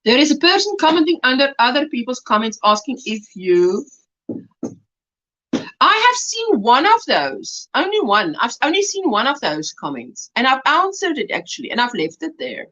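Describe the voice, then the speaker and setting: A woman's voice: high voice, big pitch swings, moderate pace, lo-fi sound. A middle-aged woman with a South African accent hosting a casual crochet livestream, reading out viewer comments and greeting them as sweetheart. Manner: warm-hearted, chatty, greets viewers as sweetheart.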